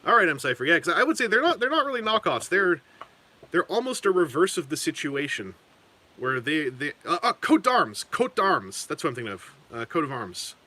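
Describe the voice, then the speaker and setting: Male streamer, lively up-and-down delivery, chatty and meandering while he paints. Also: a little high, brisk. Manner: rambling, self-correcting, chuckling asides. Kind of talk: casual live-stream chat.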